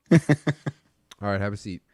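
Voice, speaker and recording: A man's voice: a little slow, darkish tone, no room sound, studio quality. A man co-hosting a casual podcast chat about fight videos, with crude jokey banter and frequent laughter. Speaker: podcast co-host.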